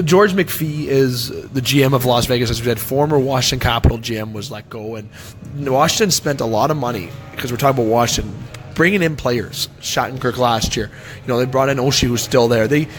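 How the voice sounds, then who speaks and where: A man's voice: mid-range voice, a bit bright, a little hiss or hum. A Canadian man hosting a casual hockey talk show, rambling and opinionated as he breaks down the teams. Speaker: sports talk show host. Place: restaurant. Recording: faint music behind.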